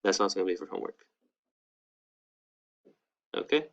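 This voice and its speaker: A man's voice: sits low, lively intonation, moderate pace, highs cut off. A man, teaching an online language lesson in a casual, upbeat way. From United States. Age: 20s. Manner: casual, upbeat, peppered with "all right, cool". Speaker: Spanish teacher.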